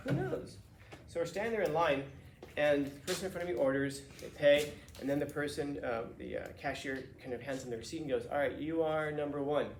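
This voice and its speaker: A man teaching a class, telling a casual, animated story with restarts and laughs. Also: a little high, roomy sound, a little hiss or hum.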